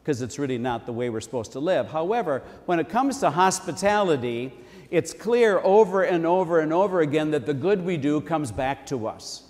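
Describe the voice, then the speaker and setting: A man's voice: fairly high pitch, lively intonation, moderate pace, a little mellow, big-room sound. A man preaching a sermon in a church in a conversational tone, repeating key phrases for emphasis.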